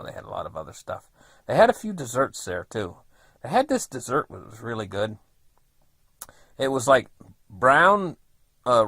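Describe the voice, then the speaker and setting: A man in his fifties tells an old story in a rambling, folksy manner, full of fillers. His voice moves lively up and down at a middle pitch. The sound is dry and close. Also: no echo. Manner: rambling, folksy, many fillers like "you know". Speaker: vlogger. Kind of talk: casual storytelling.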